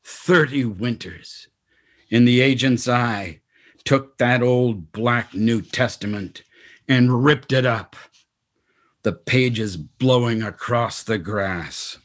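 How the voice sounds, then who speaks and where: A man's voice: mid-range voice, slow pace. A man narrating a spoken-word story in terse, poetic fragments.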